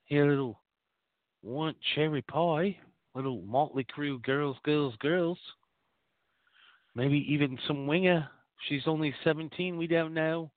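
A man's voice: on the high side, steady tone, takes it slowly, long pauses, no room sound. A man hosting a radio show, delivering a crude, rambling comic monologue. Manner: rambling, vulgar, mock-boastful. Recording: tinny phone-line sound, dry.

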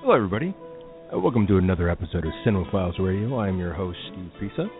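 A man's voice: low-pitched, racing. Opinionated man hosting on a tinny line. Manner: opinionated, rambling, animated asides. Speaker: podcast host. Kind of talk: casual solo radio talk. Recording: tinny phone-like lo-fi audio with faint music.

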